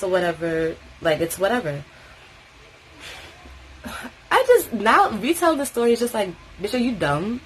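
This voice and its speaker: A young woman tells a story straight to the camera, chatty and animated, cursing freely and acting out the other people's lines. Her voice sits fairly low for a woman. A faint hiss runs under it. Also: poor audio. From New York City. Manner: chatty, expressive, swears freely, acts out quotes. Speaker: vlogger. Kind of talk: casual storytime, get-ready-with-me.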